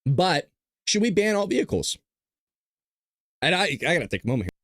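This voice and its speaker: A man hosting a live stream, talking to the chat in a blunt, casual, combative way and often clearing his throat. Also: on the high side, very animated, normal speed, fairly bright tone, no echo, studio quality. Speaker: show host. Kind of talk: livestream commentary to a chat.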